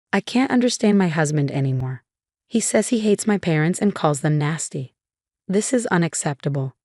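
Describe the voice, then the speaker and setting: A woman narrates a first-person story in a plain, steady reading voice. Her pitch sits fairly low for a woman, and the sound is close and dry with no room echo. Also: normal speed.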